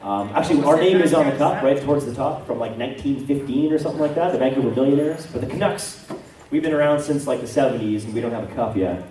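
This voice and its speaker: Canadian guy rambling at a con panel, warm low-key voice, far off the mic in a big echoey room. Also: fast. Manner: chatty, self-deprecating, rambling with many asides. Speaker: voice actor panel guest. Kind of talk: convention panel Q&A. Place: convention hall panel.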